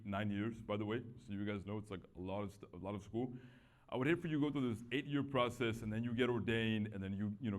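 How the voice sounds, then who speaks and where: A man's voice: lowish voice, darkish tone. A young man giving a faith testimony in a casual, chatty storytelling way, acting out what others said to him, with many fillers and restarts.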